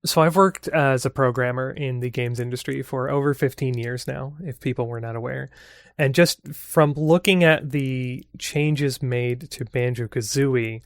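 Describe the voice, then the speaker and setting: A man who is a guest on a podcast, chatting in a relaxed, thoughtful way and laughing easily. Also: mid-range voice, unhurried, no echo, clean studio sound. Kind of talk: casual chat.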